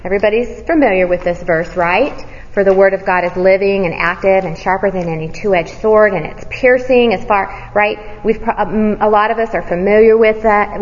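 A woman preaching a sermon. She asks the listeners questions and answers them herself, and she sometimes drops to a hushed near-whisper for emphasis. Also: mid-range voice. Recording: dull audio with long hall reverb.

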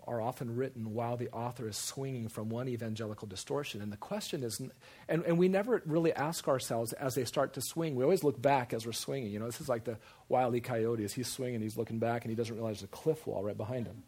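A man with a medium-pitched, breathy-edged voice preaches a sermon animatedly. He repeats phrases for emphasis and slips into quoted voices.

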